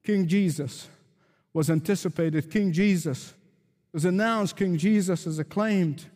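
Man preaching, slow deliberate delivery, emphatic repeated refrains, long hall reverb. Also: high-pitched, a little mellow. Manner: emphatic, repetitive, building rhetorical refrains. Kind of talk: sermon.

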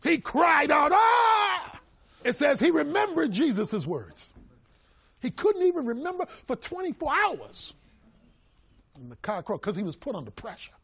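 Middle-aged male preacher, raised husky delivery, dramatic swings in volume. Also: extremely high pitch, wildly swooping pitch, moderate pace. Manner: emphatic, swings between loud cries and hushed asides. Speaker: pastor. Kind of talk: preaching a sermon.

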